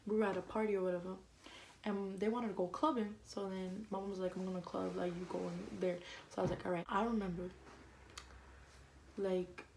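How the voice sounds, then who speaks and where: A young woman vlogger telling a casual storytime, fast and slangy, full of "like" and quoted back-and-forth. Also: mid-range voice, darkish tone, a little hiss or hum, rough recording.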